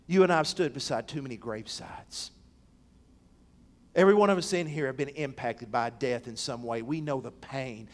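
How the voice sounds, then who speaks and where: A man's voice: medium pitch, moderate pace. A man preaching a sermon, telling stories in an emphatic pastor's delivery.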